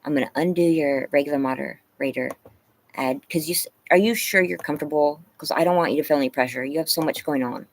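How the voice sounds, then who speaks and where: A woman with a low, quick voice hosts a relaxed livestream from her home yard, chatting with viewers, reading comments aloud, and laughing a lot. The audio quality is poor.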